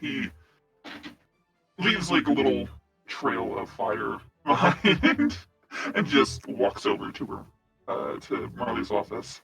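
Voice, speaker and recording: Gravelly, lively man playing a tabletop game. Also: mid-range voice, takes it slowly, faint music behind. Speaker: player.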